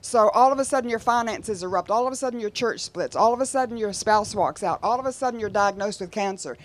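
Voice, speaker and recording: A woman's voice: mid-range voice, fast talker. A woman preaching a sermon in a conversational way, with frequent rhetorical asides to her listeners.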